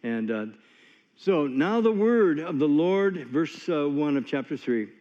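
A man's voice: fairly high pitch, expressive, unhurried, dark tone. A man preaching a sermon in a folksy, conversational way, telling stories with many asides. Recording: long hall reverb, dull lo-fi sound.

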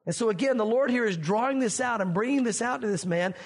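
A man's voice: very high voice, fast, breathy edge. A man preaching a sermon as pastor, earnest and questioning, addressing his congregation directly.

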